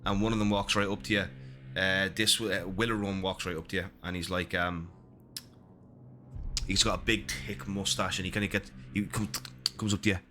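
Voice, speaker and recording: A man's voice: low-pitched, flat delivery, normal speed, pushed and bright, a little hiss or hum. A man narrating a tabletop role-playing game as game master, with a loose, hesitant delivery.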